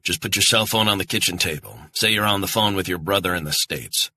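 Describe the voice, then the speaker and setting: Man doing a gruff handler on the line, low husky voice, brusque, swears freely. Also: a little fast, sharp tone, exaggerated voice. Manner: clipped, brusque orders. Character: blunt male handler on the phone, curt and profane.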